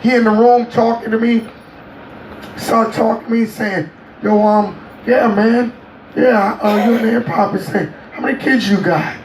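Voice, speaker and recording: A man's voice: extremely high pitch, steady tone, normal speed, slight background noise. A middle-aged man being interviewed, telling stories with animation and acting out other people's voices. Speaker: interview guest. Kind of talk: animated storytelling. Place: on a cruise ship. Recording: echoey room, mic at a distance.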